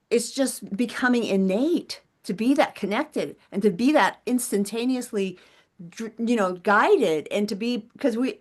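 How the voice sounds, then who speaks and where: A woman co-hosting a talk show, speaking in a rambling, enthusiastic way. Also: medium pitch. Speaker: co-host. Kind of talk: casual chat.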